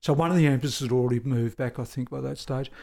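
An Australian man, a former police sergeant, recounting events in a conversational interview, halting and correcting himself as he goes. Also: medium pitch, gravelly, dark tone. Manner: halting, self-correcting, with frequent restarts and fillers. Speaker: former police sergeant telling his story.

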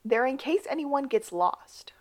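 A woman co-hosting a casual podcast recap of a TV episode, moving between high excited bursts and low asides. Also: measured pace. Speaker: podcast co-host.

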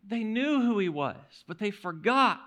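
A male pastor preaching a sermon in an animated storytelling manner, often restarting his words. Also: sits high, unhurried.

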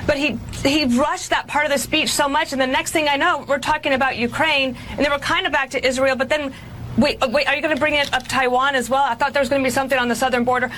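A woman delivering frank, critical commentary with a somewhat high voice. A faint hum of background noise sits under her. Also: steady tone, quick pace, fairly bright tone. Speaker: political commentator. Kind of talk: opinion commentary.

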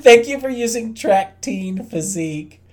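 A woman's voice: on the high side, lively intonation, unhurried, a little mellow. A woman co-hosting a podcast in casual chat, laid-back and wry. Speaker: podcast co-host.

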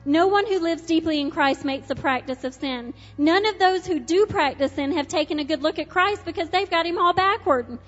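High-voiced woman preaching hard, big echoey hall, dull sound, soft music under. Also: normal speed, hardly any pauses. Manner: impassioned, swings from loud urgency to hushed intimacy. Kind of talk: sermon.

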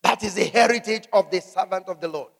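A man preaching a sermon, asking the congregation questions and shouting out scripture. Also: high voice, fairly quick, creaky, big-room sound. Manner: emphatic call-and-response preaching, shouting scripture.

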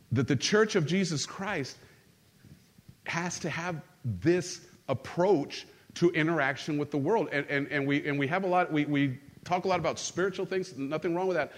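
A middle-aged man preaches to his congregation in a church. His delivery is animated and humorous, rising for punchlines and dropping low and quiet for earnest points. He keeps drawing the room in with call-and-response. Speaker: pastor. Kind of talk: sermon. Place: church sanctuary.

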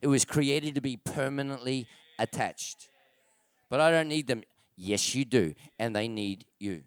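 A man's voice: mid-range voice, a little slow, smooth, no room sound. A man preaching a sermon as a pastor. He drives his points home by repeating phrases and putting rhetorical questions to the congregation. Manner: emphatic preaching, repeats key phrases for stress. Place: church.

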